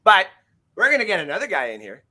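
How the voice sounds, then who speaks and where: A man's voice: high-pitched, wildly swooping pitch, quick pace, pushed and bright, rough recording. A man hosting a casual sports podcast, rambling and self-deprecating, laughing often. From Canada. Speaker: host.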